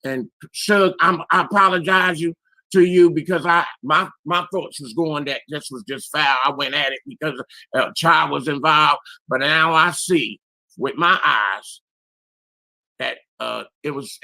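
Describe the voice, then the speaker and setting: A man in his sixties with a raspy, hoarse voice calls in to a panel show and talks bluntly and with lots of swearing. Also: on the high side, unhurried, sharp tone, dry recording. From Philadelphia area, US. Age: 60s. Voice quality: raspy, strained voice. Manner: blunt, profane, emphatic. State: hoarse after illness. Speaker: caller on a live panel show. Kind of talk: casual call-in talk.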